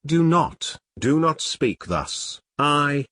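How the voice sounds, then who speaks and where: A man's voice: a little high, very animated, extremely slow, pushed and bright, heavily acted. A man reading aloud, voicing a strong young man who pleads in choked anguish with his sister.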